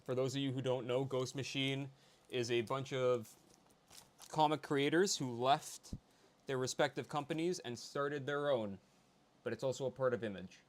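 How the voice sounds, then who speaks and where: A man guest chats casually and explains things to viewers in a relaxed way. His voice sits at an ordinary mid pitch. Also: moderate pace. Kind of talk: casual chat.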